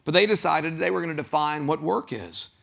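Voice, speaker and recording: A man preaching a sermon as pastor, animated, acting out quoted voices and putting questions to the congregation. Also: on the high side, fairly quick, creaky.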